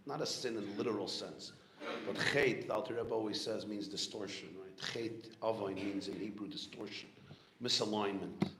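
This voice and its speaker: A middle-aged rabbi from Brooklyn with a New York accent tells stories to a crowd, his voice sitting on the low side. The room is echoey, with a faint hiss of noise behind him. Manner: animated storyteller, sprinkles Hebrew and Yiddish terms. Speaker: rabbi giving a farbrengen talk. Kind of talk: storytelling sermon. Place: large room at a gathering.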